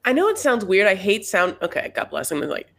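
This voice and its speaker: A woman's voice: mid-range voice, sing-song, fairly quick, gravelly, a bit bright. Chatty woman co-hosting a podcast. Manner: chatty, hesitant, trails off with fillers. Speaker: podcast co-host. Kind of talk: casual chat recapping a reality show.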